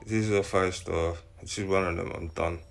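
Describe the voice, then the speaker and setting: A young man, giving slang-heavy, excitable commentary straight to his viewers. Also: deep voice, normal speed, creaky, faint music behind. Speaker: gaming channel host. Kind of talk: casual live commentary.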